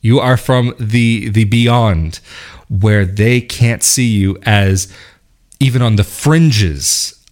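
A man's voice: lowish voice, slow pace, darkish tone. A man talking casually to camera, thoughtful and rambling, laughing now and then and restarting his sentences. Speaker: vlogger. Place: lives in northern Italy near Venice.

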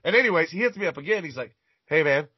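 A man's voice: high-pitched, very animated, very fast, breathy edge, no room sound. A man chatting casually, telling a rambling, profanity-laden story and stumbling over repeated words. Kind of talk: casual chat, crude storytelling. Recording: dull lo-fi recording.

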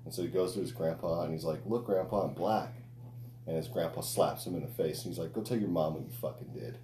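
A man's voice: extremely low pitch, fairly even intonation, quick pace, dark tone, echoey room, slight background noise. A man co-hosting a podcast, chatting loosely and swearing as he retells a joke. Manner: loose, profane storytelling with laughter. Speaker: podcast co-host. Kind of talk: casual podcast chat.

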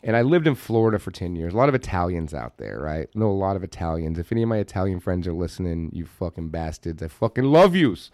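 Podcast guy telling stories, cusses constantly, really lively up and down voice, dead dry room. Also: deep voice, quick pace, hardly any pauses, dry recording. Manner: animated, profane storyteller. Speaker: podcast co-host. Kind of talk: casual chat, anecdote telling.

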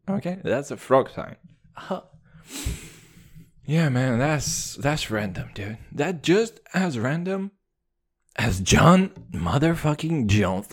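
Animated, foul-mouthed man ranting. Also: mid-range voice, takes it slowly. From Russia. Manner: swearing, rambling, riffing on tangents; animated, calls the listener dude. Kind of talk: profane comedic rant.

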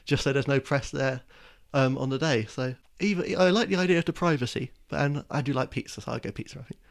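A man's voice: medium pitch, fast talker, creaky. A man from England co-hosting a casual film podcast, answering in hesitant, stammering bursts with self-mocking humor. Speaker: podcast co-host.

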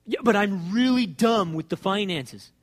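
A man's voice: high voice, animated, measured pace, big-room sound. A preacher acting out an anxious new believer who protests and stammers over his own failings. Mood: protesting. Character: anxious new believer, adult man, self-doubting.

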